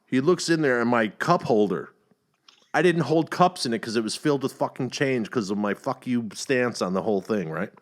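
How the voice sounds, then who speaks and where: A middle-aged man hosting a casual podcast chat, telling a long story with heavy profanity and animated outbursts. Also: mid-range voice, moderate pace. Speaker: podcast host.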